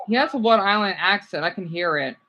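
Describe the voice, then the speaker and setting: A man chatting casually on a live stream, reacting to viewer comments in a rambling, animated way. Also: sits high, fast, highs cut off. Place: home room, keeping voice down.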